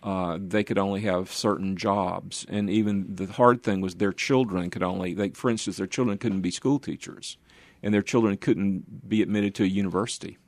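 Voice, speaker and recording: Older man with a low, dry voice. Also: steady tone, moderate pace, a little mellow, no echo. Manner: earnest storytelling with easy laughs. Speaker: pastor and guest. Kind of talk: interview recounting ministry.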